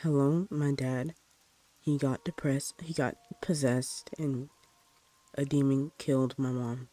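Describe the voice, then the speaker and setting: A frightened young boy from a storybook horror tale, read by a man. His voice is mellow and plainly read. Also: mid-range voice, flat delivery, slow pace, close to an everyday voice.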